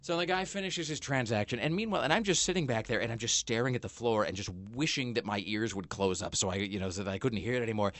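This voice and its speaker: A man's voice: medium pitch, fast talker, hardly any pauses, a bit bright, dry recording. A man hosting a talk show, telling a rambling story with many fillers and restarts in a small studio. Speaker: podcast host. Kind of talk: casual chat.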